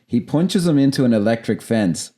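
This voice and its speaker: A man with a Dublin accent, co-hosting a podcast in casual film chat, animated and sweary, acting out quotes as he goes. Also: medium pitch, normal speed. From Ireland. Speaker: podcast co-host.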